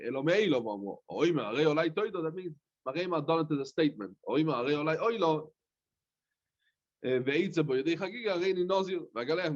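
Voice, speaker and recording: A rabbi teaching a Talmud class, reading the text in a singsong chant and explaining it in plain, hesitant speech. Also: male voice, mid-range voice, muffled recording. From London. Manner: hesitant, with many "uh" fillers.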